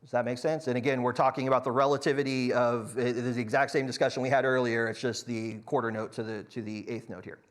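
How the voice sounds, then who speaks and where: A man's voice: mid-range voice, flat delivery, quick pace, hardly any pauses. A man teaching a church song leading class, counting beats aloud with frequent restarts. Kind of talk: church music class lecture.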